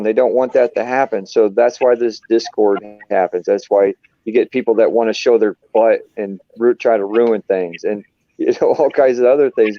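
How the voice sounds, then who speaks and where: A man's voice: medium pitch, mellow, no echo. A man on a live panel explaining his views earnestly, rambling and restarting his sentences. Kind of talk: casual chat. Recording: dull, dry stream audio.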